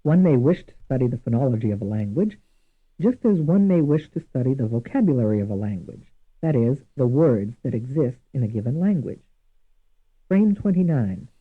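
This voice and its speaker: A man giving scripted instructional narration for a language course, measured and deliberate, repeating each example word twice. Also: mid-range voice, sing-song, breathy edge. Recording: tinny lo-fi archival course audio.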